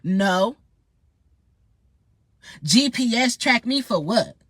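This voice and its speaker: A woman's voice: fairly high pitch, animated, very slow, fairly bright tone, no echo. A woman ranting in a heated, profane, confrontational monologue straight to her viewers. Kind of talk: angry monologue vlog.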